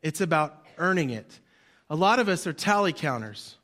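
A man preaching a sermon as pastor, swinging between loud emphasis and quiet drops, leading the congregation to repeat lines after him. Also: fairly high pitch, big pitch swings, moderate pace. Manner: leads the congregation in call-and-response.

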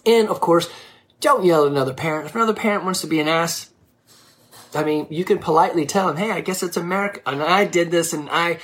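A woman's voice: low-pitched, a little fast. A woman who coaches youth sports, giving blunt, scolding advice to parents in a frank monologue.

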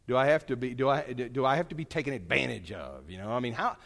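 A man's voice: mid-range voice, expressive, fairly quick, gravelly, a bit bright, big-room sound. A man preaching a sermon, retelling a story in a conversational way with chatty asides. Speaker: pastor.

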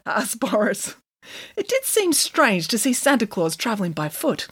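Lively woman reading a children's story. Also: on the high side, normal speed, husky, no echo, studio quality. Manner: playful, lively read-aloud.

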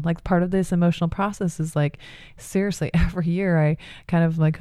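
A woman's voice: fairly low pitch, steady tone, brisk, dark tone, clean tone, no room sound, clean studio sound. A middle-aged woman, a mother, talking in a candid, rambling personal monologue full of fillers and restarts.

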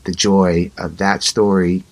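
Low-voiced man telling a story. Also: slow. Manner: animated, acts out both sides of dialogue. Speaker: interview guest. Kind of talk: conversational storytelling.

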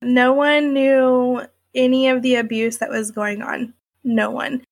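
A woman's voice: high-pitched, level tone, slow, vocal fry, no echo. A woman telling her own story in a candid, conversational way, with many fillers like "like" and "you know". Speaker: interviewee sharing her story.

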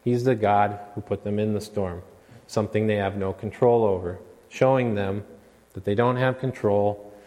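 A man preaching a sermon in an earnest way, at times rising into a loud, dramatic retelling. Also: on the low side, fairly even intonation, normal speed. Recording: long hall reverb.

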